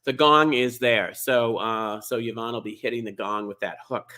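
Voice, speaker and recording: A man's voice: medium pitch, fairly even intonation, normal speed, sharp tone, natural voice. A man playing a chatty middle-aged small-town lady who hosts a comedy bingo show, gushing and rambling, tripping over names, on a video call. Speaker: host. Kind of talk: comedic drag character hosting.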